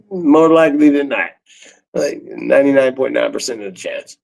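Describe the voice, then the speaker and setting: A man in his forties doing a profane comedic rant on a livestream, breaking into cackles and swinging from loud outbursts to low mutters. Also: moderate pace, creaky, low-quality recording. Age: 40s.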